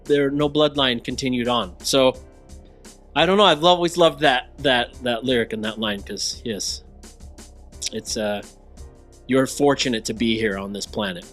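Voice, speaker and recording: A man's voice: mid-range voice, normal speed, a bit bright, soft background music. A man co-hosting a casual podcast, rambling, often losing his train of thought and laughing at himself. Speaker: podcast co-host. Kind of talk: casual chat.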